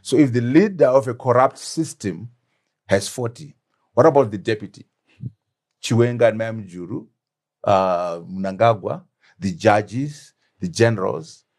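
His voice sits on the low side, a little slow and a little mellow. The speaker is a middle-aged former deputy prime minister from Zimbabwe, guesting on an animated political interview, where he makes emphatic points through rhetorical questions.

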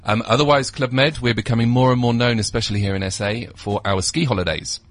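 Quick-talking British man pitching holidays. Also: steady tone. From United Kingdom. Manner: enthusiastic salesy pitch with frequent ums. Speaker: travel company representative, radio guest. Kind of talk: radio interview. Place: radio studio.

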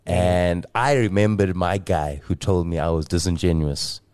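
A man's voice: deep voice, fairly even intonation, unhurried, a little mellow, smooth, no room sound. A man hosting a podcast, telling a story in playful, boastful casual chat with a lot of laughter. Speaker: podcast host.

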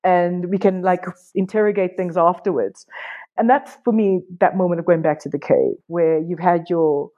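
A woman artist, a podcast guest, telling stories frankly and casually, swearing and quoting others in lively voices. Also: fairly low pitch, moderate pace, phone-quality sound. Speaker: artist and workshop teacher, guest. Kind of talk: candid conversational storytelling.

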